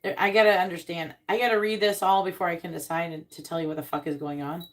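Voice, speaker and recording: Woman tarot reader, low and gravelly, blunt and casual with comic asides. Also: fairly even intonation. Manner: blunt and swearing, acts out quick comic voices. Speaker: tarot reader on a live stream. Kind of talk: casual tarot reading, reading card meanings aloud.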